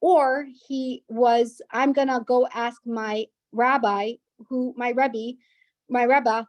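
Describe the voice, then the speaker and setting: Woman guest speaker, earnest storytelling with restarts, fairly high voice, dry close sound. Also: fairly even intonation, a little slow, darkish tone, no room sound. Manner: earnest, with frequent restarts and repetitions. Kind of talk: personal story at a women's gathering.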